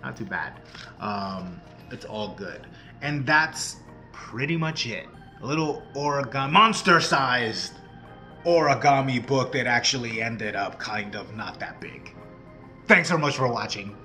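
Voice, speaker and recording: Bright-voiced rambling man explaining crafts. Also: mid-range voice, expressive, a little slow, soft background music. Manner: rambling, self-mocking, jokey asides. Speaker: craft channel host. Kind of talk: casual tutorial talk.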